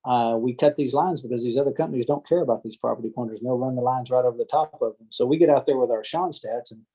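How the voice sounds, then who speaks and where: A man's voice: medium pitch, fast, warm tone, slightly rough, rough recording. Folksy man talking shop. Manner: folksy, chatty storyteller who acts out the voices of angry homeowners. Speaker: land surveyor giving a talk to a team of real estate agents. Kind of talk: casual training talk. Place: home or office on a video call. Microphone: computer or headset mic on a video call.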